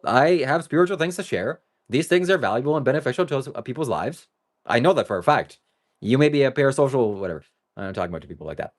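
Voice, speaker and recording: A man live-streams to his viewers in a loose, rambling monologue. His pitch moves a lot and his tone swings between joking and earnest. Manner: talks straight to viewers. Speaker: livestreamer.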